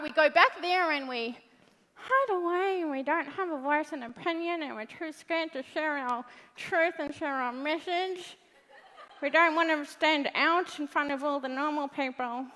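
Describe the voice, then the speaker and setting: A New Zealand woman speaks slowly in a high, bright voice, giving a motivational talk in front of an audience. She is blunt, playful and swears freely. Her voice carries a long reverb from a large event hall.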